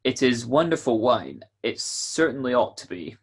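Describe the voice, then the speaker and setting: An actor playing a jovial male announcer of an old-time radio show, with a husky voice and folksy, salesman-like patter. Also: mid-range voice, big pitch swings, moderate pace. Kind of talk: 1940s radio acting.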